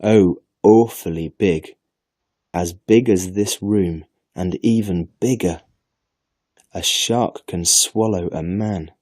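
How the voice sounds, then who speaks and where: A man's voice: deep voice, takes it slowly, a little mellow, dry recording, clean studio sound. A man voicing a sulky, boastful young boy who talks down to his guest in a storybook reading. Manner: dismissive, know-it-all.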